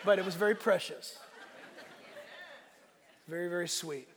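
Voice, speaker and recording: A man preaching a sermon as pastor, animated and storytelling, acting out conversations with loud bursts. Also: high voice, unhurried, in a large hall, some chatter behind. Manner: animated storytelling, acts out exchanges with loud outbursts. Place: church sanctuary.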